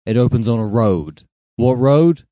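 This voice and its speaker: A man co-hosting a casual film podcast, retelling the plot in a rambling way with deadpan jokes. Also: mid-range voice, a little slow, no room sound, studio quality. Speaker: podcast co-host.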